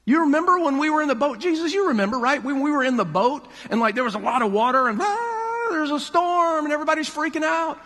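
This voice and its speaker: A man voicing an anxious, jealous male disciple who speaks quickly and pleads. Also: very high-pitched, voice pushed up. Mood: agitated pleading. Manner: fast, excited, pleading. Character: jealous, agitated male disciple in his prime. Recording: long hall reverb.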